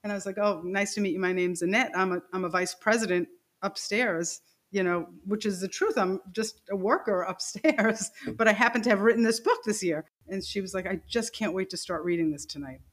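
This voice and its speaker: A woman's voice: mid-range voice, brisk, few pauses. A woman telling a personal story as a podcast guest. She laughs as she goes and acts out the lines of the people in it. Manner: animated, laughing storyteller who acts out quoted dialogue.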